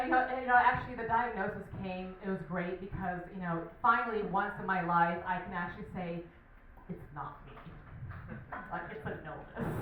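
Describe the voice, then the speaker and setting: A woman's voice: medium pitch, slight background noise. A woman in her thirties doing a stand-up comedy set, chatty and self-mocking with lots of asides, on a comedy club stage. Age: 30s. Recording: echoey hall, distant dull mic.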